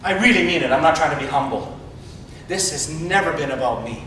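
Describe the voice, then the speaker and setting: High-voiced man in an echoey hall. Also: lively intonation, fairly quick, bright, forceful tone. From Canada. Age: 50s. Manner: conversational, repeats words when starting sentences. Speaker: motivational speaker. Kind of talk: humorous motivational speech. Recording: echoey hall, distant mic, faint rumble.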